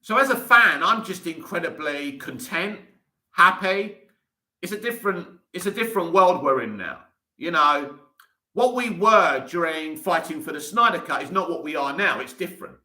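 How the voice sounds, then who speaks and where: A man's voice: a little high, lively intonation, moderate pace, sharp tone. A man hosting a casual live chat, reading out viewer comments and answering them with enthusiasm and frequent restarts. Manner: enthusiastic, talks in restarts and asides. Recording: echoey room.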